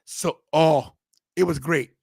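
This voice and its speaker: A male podcast host tells a story in loose, rambling casual chat, circling back and restarting his sentences. His voice sits a little high for a man and has a gravelly edge. The sound is close and dry. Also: steady tone, takes it slowly, darkish tone, dry recording.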